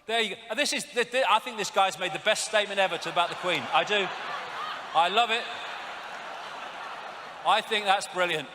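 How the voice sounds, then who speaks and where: A man lectures from a stage in a high, bright, cutting voice. He rants and mocks, swearing freely as he goes. His voice rings through a long hall reverb, with a faint crowd behind him. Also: brisk, pauses often, a little hiss or hum. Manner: ranting, sarcastic, swears often. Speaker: public speaker.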